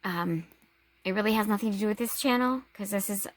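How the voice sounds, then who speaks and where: A woman talking in a casual personal vlog, halting, with long pauses and restarts. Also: mid-range voice, dry recording. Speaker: vlogger.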